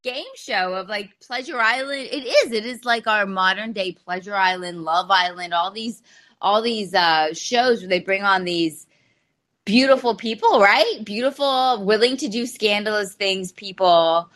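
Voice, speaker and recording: A woman author speaking as a podcast guest, telling a story in a lively, amused way in casual conversation. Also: medium pitch, unhurried. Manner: animated storytelling, amused by the anecdote. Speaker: novelist guest. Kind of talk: casual podcast interview chat.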